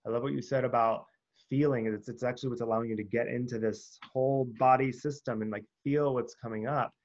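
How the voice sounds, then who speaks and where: Guest guy, mid pitch, earnest explainer, muffled lo-fi line. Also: fairly even intonation, brisk, a little mellow. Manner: earnest and explanatory, with filler words. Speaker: guest, breathwork coach. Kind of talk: casual conversational interview.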